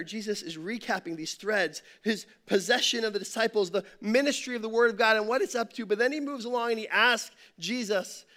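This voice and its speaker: Male pastor, light high voice, conversational sermon delivery with rhetorical questions. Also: a bit bright. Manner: conversational preaching, tells a joke with rhetorical questions. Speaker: campus pastor.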